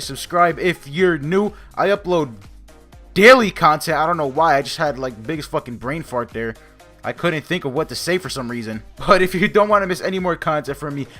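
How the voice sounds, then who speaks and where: A young man vlogger telling a casual storytime, animated, profane and mocking himself. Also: fairly high pitch, moderate pace, soft background music.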